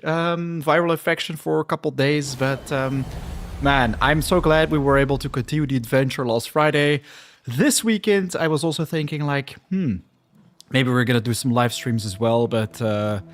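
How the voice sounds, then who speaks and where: A man chatting casually on his live stream, slightly out of breath, with lots of fillers and restarts. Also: fairly high pitch. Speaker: game streamer.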